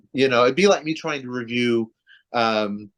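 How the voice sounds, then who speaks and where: Unhurried and mid-range, this man's voice belongs to a metal singer being interviewed casually over video call. He rambles about his career, restarting often and using plenty of fillers.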